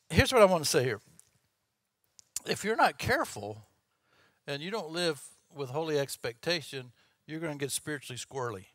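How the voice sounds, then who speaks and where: A man's voice: fairly high pitch, a bit bright, no echo, studio quality. A man preaching a sermon in a folksy, conversational way, often checking in with "okay?" and "right?". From Texas. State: clearing his throat, voice catching. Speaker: pastor.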